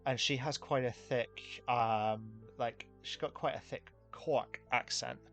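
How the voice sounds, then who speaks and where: A man's voice: medium pitch, steady tone, slow, a bit bright, soft background music. Chatty English man hosting a casual chat. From England. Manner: rambling, chatty, laughs often, many restarts. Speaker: podcast host.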